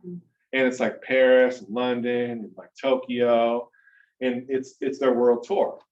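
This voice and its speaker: A man's voice: medium pitch, flat delivery, a little slow, a little mellow. A man speaking to a small group in a meeting room, telling a story casually and animatedly, often checking in with "right?" and "okay?". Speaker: mastermind speaker. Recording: roomy, distant, dull-sounding room recording.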